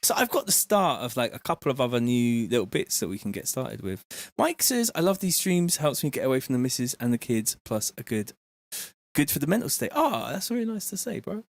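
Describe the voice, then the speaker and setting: A man chatting casually on a live stream, reading out viewer messages in a relaxed, slangy way from his home studio. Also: mid-range voice, brisk, creaky, no echo. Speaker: music producer streaming live.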